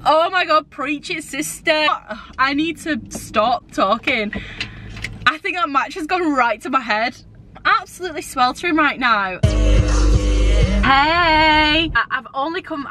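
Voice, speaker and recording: A young woman, chatting giddily to a handheld camera in a casual vlog, getting loud when excited. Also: high voice. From England. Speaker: vlogger. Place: in a car and out and about at a shopping centre. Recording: noisy background with traffic.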